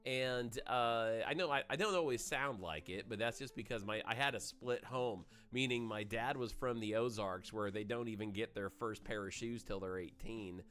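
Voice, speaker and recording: A man's voice: lowish voice, normal speed, hardly any pauses, a bit bright. A man in his forties from Maine hosts a gaming livestream, rambling through chatty stories in a voice trained for FM radio. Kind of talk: casual livestream chat.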